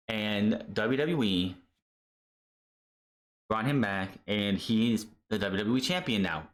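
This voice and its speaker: Profane rambling man ranting. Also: lowish voice. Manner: profane, rambling, stumbles over names. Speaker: wrestling podcast host. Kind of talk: casual ranting commentary.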